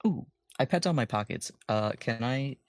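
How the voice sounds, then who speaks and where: A man playing a tabletop horror game, animated and joking, often restarting his sentences. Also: mid-range voice, normal speed, dry recording, clean studio sound. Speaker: player.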